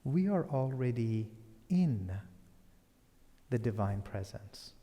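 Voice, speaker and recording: Brief: male lecturer, slow, mellow, hushed phrase endings, long hall reverb. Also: mid-range voice, big pitch swings. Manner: soft and deliberate, trailing into near-whispers. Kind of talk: public lecture.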